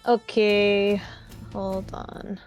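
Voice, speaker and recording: A woman's voice: mid-range voice, little pitch movement, drawn-out words, darkish tone, muffled recording, faint music behind. A woman playing in a tabletop game, chatting casually, scattered and thinking aloud. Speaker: player.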